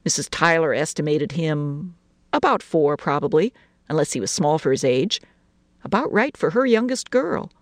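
A woman narrating a short story in an expressive, lilting reading voice. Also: low-pitched, normal speed, dry recording, studio quality.

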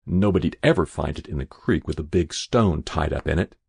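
A man's voice: rumbling low, brisk, gravelly, a little mellow, breathy edge, no room sound, studio quality, pitched below the performer's own voice, exaggerated voice. A man voicing a proud, poor young boy who talks back defiantly. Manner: defiant, sulky.

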